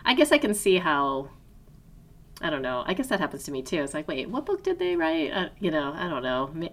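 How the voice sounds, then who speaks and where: A woman's voice: sits low, expressive, brisk, a bit bright. A woman co-hosting a podcast in casual conversation, thoughtful and hesitant, restarting sentences and laughing often. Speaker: podcast co-host.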